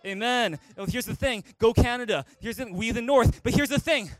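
A pastor preaching with a high, bright voice, recorded close and dry. He talks in an animated way and acts out the voices he quotes. The delivery is a sermon given in a church. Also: normal speed, dry recording. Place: church auditorium.

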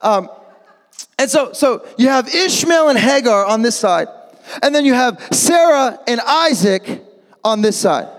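Energetic preacher, male, high voice, call-and-response, echoey hall. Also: unhurried. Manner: energetic, rising to shouts, jokey asides. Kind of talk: lively sermon with call-and-response. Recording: long echo of a large hall.

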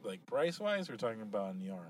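A man from Miami hosting a podcast, bantering excitably and laughing a lot from inside a car. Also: fairly low pitch, slight background noise. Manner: excitable, quick to joke and laugh. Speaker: podcast host.

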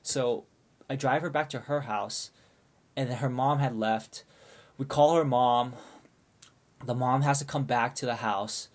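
A man's voice: mid-range voice, steady tone, a little slow, long pauses. A man telling a long story in casual chat, rambling with many restarts and asides. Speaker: storyteller asking for advice.

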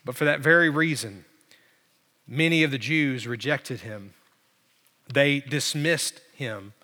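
A man preaching a sermon as pastor, swinging from loud, climbing emphasis down to low, quiet stretches. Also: takes it slowly. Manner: preaching with big swings in pitch and loudness. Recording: long hall reverb.

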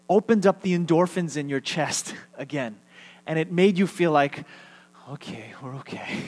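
A Texan pastor preaches a sermon in a church sanctuary, talking conversationally and leading the congregation in call-and-response. His voice sits high with a slightly mellow quality, and the hall sounds reverberant.

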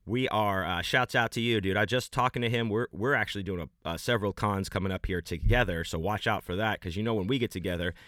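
A man hosting a podcast, rambling through enthusiastic shout-outs in a loose, friendly way. His voice sits fairly low yet sounds bright and forceful. The sound is dry and close, with no room around it. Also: no echo. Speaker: podcast host.

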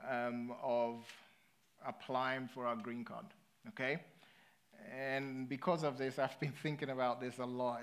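A British man preaching a sermon in a conversational way, often checking in with his listeners. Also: mid-range voice. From Britain. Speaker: pastor.

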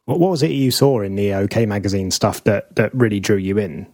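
A man co-hosting a podcast, encouraging his guest with quick interjections in casual chat. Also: on the low side, a little mellow, dry recording. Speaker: podcast co-host.

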